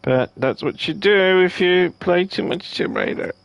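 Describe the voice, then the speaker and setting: A tired man streaming a live game review, reacting with excitement as he plays. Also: high-pitched, measured pace, vocal fry, clear, resonant tone, no echo. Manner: excited, talks to himself while playing. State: tired and sleepy.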